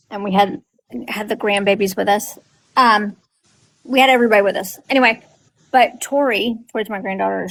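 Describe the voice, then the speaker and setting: A middle-aged grandmother telling family stories in casual chat, animated and acting out what others said. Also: medium pitch, vocal fry, poor audio. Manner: animated storytelling, acting out quoted family members.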